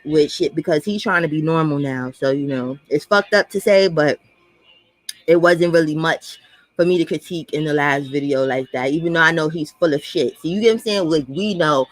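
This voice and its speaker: A woman's voice: sits low, no echo. Woman commentator who rants bluntly and swears a lot; dry, close recording. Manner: blunt, profane, fast ranting. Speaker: commentary vlogger. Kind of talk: ranting reaction commentary.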